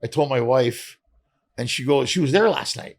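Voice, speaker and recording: Gravelly Canadian-born comedian telling stories. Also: male voice, medium pitch, moderate pace. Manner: animated, acts out dialogue with swearing. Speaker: comedian guest. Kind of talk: casual storytelling interview.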